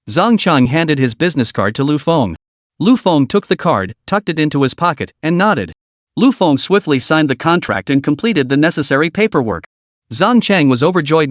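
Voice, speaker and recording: Lively male recap narrator, dry close mic. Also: on the high side, no room sound. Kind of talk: scripted story narration.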